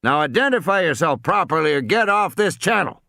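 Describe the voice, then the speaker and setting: A man voicing a drawling, gruff boat captain talking over a ship radio. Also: on the high side, big pitch swings, brisk, bright, forceful tone, no echo, clean studio sound, pitched above the performer's own voice, heavily acted.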